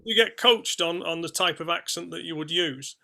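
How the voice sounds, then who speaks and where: A man's voice: on the high side, moderate pace, vocal fry, bright, forceful tone. A man questions a guest on a video call, rambling and stopping to search for words. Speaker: association member asking a question.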